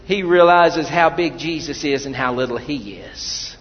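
A fairly high-voiced man preaching to his congregation in a folksy, conversational way, circling back and restarting his sentences as he tells stories. His voice carries a long echo through the church sanctuary. The recording is dull and muffled, with a faint hum underneath. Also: unhurried. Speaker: pastor. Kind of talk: sermon.

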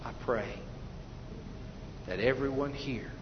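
A man's voice: mid-range voice, slow pace. Man preaching urgently in an echoey hall. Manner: swings from loud urgent preaching to hushed prayer. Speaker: pastor. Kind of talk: evangelistic sermon. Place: church sanctuary. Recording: dull echoey church hall recording with faint noise.

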